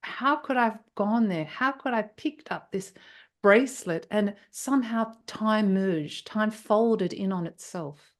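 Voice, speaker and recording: A woman's voice: medium pitch, a little slow. A woman guest in an interview telling a personal story with emotion. She often restarts her sentences and hesitates as she searches for words. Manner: emotional and breathless, with frequent restarts.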